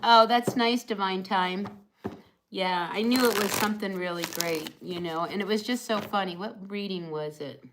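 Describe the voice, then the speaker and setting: A woman's voice: mid-range voice, normal speed, background noise. A woman giving a casual, chatty live tarot reading, encouraging her viewers with lots of fillers like "you know" and "all right". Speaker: tarot reader.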